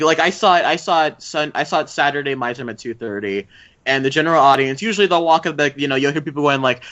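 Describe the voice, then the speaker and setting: A man's voice: on the high side, fast, fairly bright tone, dry recording, highs cut off. A man co-hosting a casual movie review podcast, rambling and hesitant with lots of fillers. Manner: rambling, hesitant with many fillers, laughs often. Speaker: podcast co-host.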